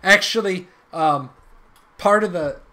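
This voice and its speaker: A man from Ireland with a high voice talks casually to his stream audience. His stories ramble and he keeps restarting his sentences, with sudden bursts of emphasis. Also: slow pace, sharp tone. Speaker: game streamer. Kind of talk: casual live-stream chat.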